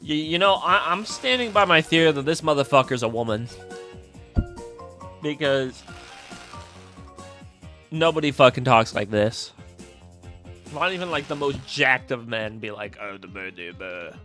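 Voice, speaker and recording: A man's voice: a little high, unhurried, pauses often, bright, forceful tone. A man streaming a game live, chatting casually and wryly with some swearing while reading dialogue aloud. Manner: casual, profane, wry. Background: game music.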